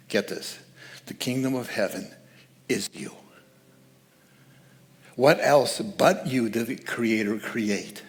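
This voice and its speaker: A man's voice: mid-range voice, takes it slowly, long pauses. A man speaking as guest speaker at a church service, giving a conversational, joking sermon and laughing at his own asides.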